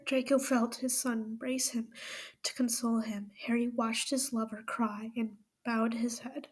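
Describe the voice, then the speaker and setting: A woman's voice: a little high, flat delivery, unhurried, husky. A woman reading fan fiction aloud, with emotional whispered asides and sighs. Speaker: fanfiction reader.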